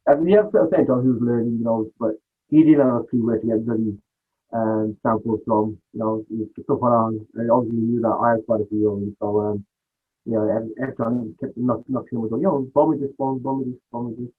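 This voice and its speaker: Husky man on a tinny line. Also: medium pitch, steady tone, quick pace. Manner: rambling, acts out quoted dialogue. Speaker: podcast guest, music producer. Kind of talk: casual storytelling interview.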